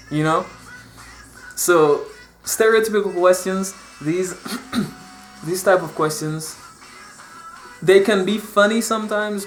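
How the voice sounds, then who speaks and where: A young man from Dominica tells stories in a casual, animated vlog, often repeating words and acting out what people said. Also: on the high side, reverberant. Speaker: vlogger.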